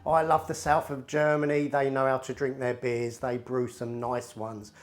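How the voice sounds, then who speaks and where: A man's voice: mid-range voice, level tone, normal speed. A man hosting a home cooking video, chatting casually and joking to the camera. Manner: chatty, jokey, talks to camera in asides. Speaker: cooking channel host. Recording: music playing underneath.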